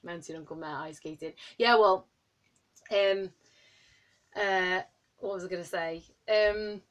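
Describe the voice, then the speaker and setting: A woman in her late twenties chatting to camera in a rambling, excitable way, full of ums and likes. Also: medium pitch. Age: 20s. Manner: rambling and excitable, heavy with fillers. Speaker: vlogger. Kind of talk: casual chat to camera.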